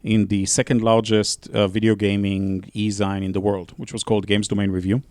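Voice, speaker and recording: Low-voiced man telling a story. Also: little pitch movement, normal speed, a little mellow, dry recording. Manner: storytelling, restarts mid-sentence. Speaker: guest author. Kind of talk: casual podcast chat.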